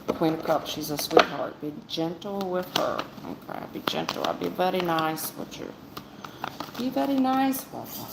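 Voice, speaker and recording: Low raspy-edged lady doing tarot live, blunt, kinda sarcastic, echoey room w/ noise. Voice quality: blunt, sarcastic-sounding delivery. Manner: talks straight to chat viewers, calls them baby and hon. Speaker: tarot reader on a livestream. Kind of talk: blunt casual livestream chat.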